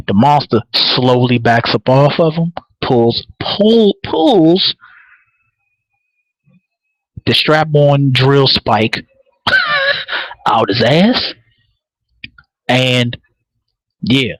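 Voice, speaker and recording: The audio is low-quality but has no room sound, capturing a man with a medium-pitched voice and a breathy edge. He hosts a live podcast where he animatedly recaps a TV episode, swearing casually, laughing frequently, and repeating words as each point takes shape.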